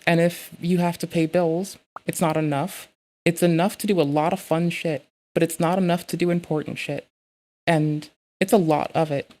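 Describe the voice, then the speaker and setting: A woman streaming live, chatting casually with heavy swearing and bursting into loud, excitable rants. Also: on the low side, moderate pace.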